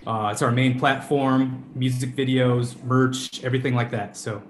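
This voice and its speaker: A man's voice: medium pitch, steady tone, moderate pace, slight background noise. Minnesota-accented man in an echoey room. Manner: friendly, laid-back, laughs often. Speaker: band member guest. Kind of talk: casual interview chat. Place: at home.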